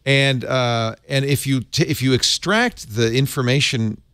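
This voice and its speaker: A man hosting a tech panel discussion, talking in an animated, exasperated way. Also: medium pitch, a little slow, clear, resonant tone, dry recording, clean studio sound. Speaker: host.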